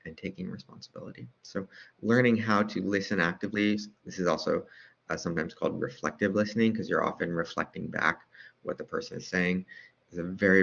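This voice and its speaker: Over a dull, lo-fi recording, a man with a very low, creaky, slightly bright voice walks through lecture slides in a relaxed, informal manner. He repeatedly asks rhetorical questions and checks in with "right?".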